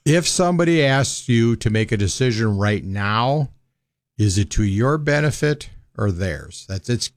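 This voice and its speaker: A man's voice: lowish voice, lively intonation, unhurried, no echo, studio quality. A man in his sixties with a Minnesota accent, a financial advisor talking plainly and bluntly on a radio show. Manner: folksy, blunt, plain-spoken. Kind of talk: casual radio talk.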